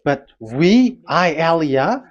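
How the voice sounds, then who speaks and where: A man's voice: fairly high pitch, very animated, takes it slowly. Emphatic male preacher. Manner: emphatic, rhetorical questions, frequent fillers. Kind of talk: sermon with scripture reading. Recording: slightly dull lo-fi audio.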